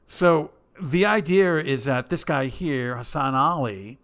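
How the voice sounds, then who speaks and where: A man's voice: medium pitch, expressive, slow, few pauses, fairly bright tone, clean tone. Male commentator, mid-range voice, sarcastic and rambling delivery. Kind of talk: casual commentary.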